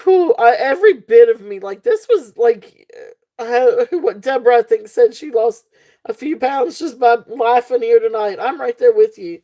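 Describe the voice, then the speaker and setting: A woman's voice: on the high side, expressive, normal speed, mellow. A woman hosting a live jewelry sale stream, giggly and gushing at her viewers, rambling with lots of fillers. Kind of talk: casual live-stream selling chat.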